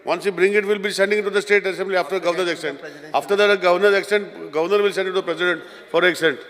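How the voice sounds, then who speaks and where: A man's voice: sits high, steady tone, racing, a bit bright. A man presenting a bill in a legislative debate, switching between Konkani and English and repeatedly addressing the Speaker. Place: legislative assembly hall. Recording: long reverb in assembly chamber.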